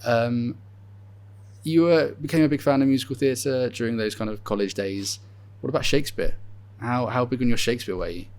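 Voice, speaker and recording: A man's voice: mid-range voice, a little fast, darkish tone. A man interviewing an actor backstage at a theatre, asking friendly, curious questions.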